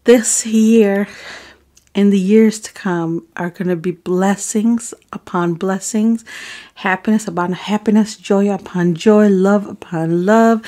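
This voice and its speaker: A woman's voice: mid-range voice, dark tone. A woman vlogger thanking her viewers by name, affectionate and apologetic when she stumbles over their names. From Arab. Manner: affectionate, calls viewers baby boo. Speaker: mukbang vlogger. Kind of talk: casual shout-outs to viewers.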